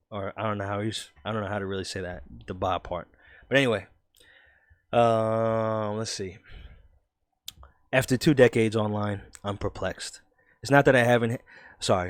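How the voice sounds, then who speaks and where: A man's voice: fairly low pitch, steady tone, fairly quick, no room sound, studio quality. A man with a New Jersey accent hosting a casual commentary vlog, talking loosely and conversationally. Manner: laid-back, conversational, with "man" and "all right". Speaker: crypto channel host.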